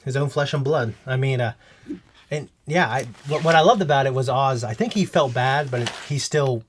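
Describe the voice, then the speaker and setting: A man's voice: medium pitch, normal speed, a little hiss or hum. A man co-hosting a reaction show, chatting casually and telling rambling stories full of restarts. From Philippines heritage. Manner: rambling, animated storytelling with restarts. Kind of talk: casual chat.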